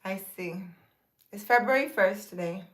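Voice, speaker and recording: A woman's voice: medium pitch, moderate pace, fairly bright tone. A woman, a spiritual healer, chatting casually to her viewers in a rambling way, full of fillers and restarts, answering their comments. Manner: reads viewer comments aloud and answers them.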